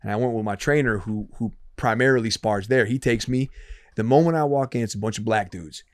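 A man in his thirties from Michigan, telling a story as a podcast guest in a loose, profane, animated way. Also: fairly low pitch, a little fast, dry recording, studio quality. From Dearborn, Michigan, US. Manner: profane, animated, repeats himself when excited. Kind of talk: casual storytelling.

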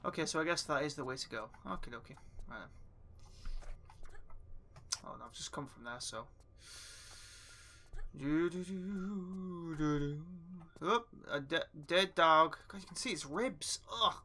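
A young man muttering and swearing his way through a game, his voice very bright and slightly raised in pitch. He chats along to himself at a desk mic, with a faint hiss of noise underneath. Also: animated, normal speed, pauses often. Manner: chatty, swears often, talks to himself while playing. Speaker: gaming YouTuber. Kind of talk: casual let's play commentary.

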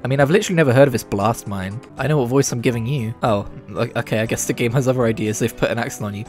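A man's voice: mid-range voice, racing, hardly any pauses, darkish tone, soft background music. A man giving casual, wry commentary over a game playthrough, often swearing and joking. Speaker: gaming video creator.

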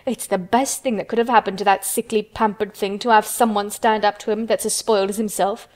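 A woman's voice: mid-range voice, steady tone, fairly quick, lightly acted. A woman voicing a careless young nurse who makes amused, blunt remarks in a storybook reading.

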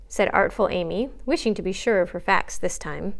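A woman librarian narrates a classic chapter book for story time. Her reading voice is steady and clear, pitched in an ordinary middle range. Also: normal speed, few pauses. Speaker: children's librarian reading aloud. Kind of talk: storytime read-aloud narration.

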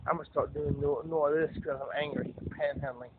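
Ranting man, high voice, tinny phone audio. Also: fairly even intonation, brisk, few pauses, a little hiss or hum. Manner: swears a lot, ranting. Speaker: vlogger. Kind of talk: angry street vlog. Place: outdoors and in a fast-food restaurant.

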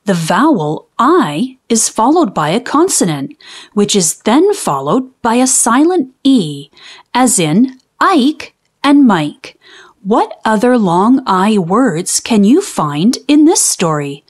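A woman reading a children's book aloud and explaining phonics in a clear, teacherly way. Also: fairly high pitch, very animated, slow. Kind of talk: read-aloud storytime with phonics lessons.

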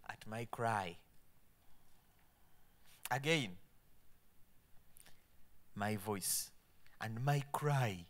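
A man preaching a sermon, quoting scripture emphatically and dropping to soft asides. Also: fairly low pitch, expressive, very slow, pauses often. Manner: emphatic, swinging between loud proclamation and soft asides.

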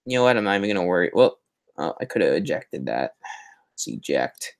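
A man's voice: low voice, sing-song, brisk, creaky. Rambling, chatty live-stream host man. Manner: rambling and chatty, with self-mocking asides. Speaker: host of a Halloween prop channel live stream. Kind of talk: casual live-stream chat.

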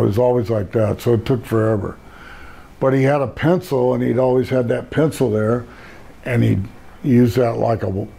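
A man's voice: mid-range voice, vocal fry, warm tone, breathy edge. An older man, a retired pro wrestler, telling rambling laid-back stories in a casual interview and laughing at his own jokes.

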